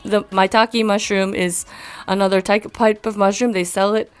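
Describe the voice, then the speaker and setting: Soft background music accompanies a young musician who grew up in Japan, speaking as a casual interview guest. She tells lively stories packed with fillers in a clear, resonant, medium-pitched voice at a normal speed.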